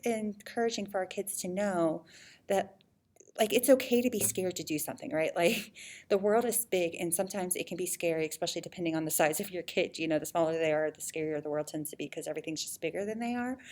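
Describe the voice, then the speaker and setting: A woman's voice: lowish voice, darkish tone. A woman in her thirties leads a children's ministry and talks casually to parents in a video message, chatting with many fillers and frequent laughs.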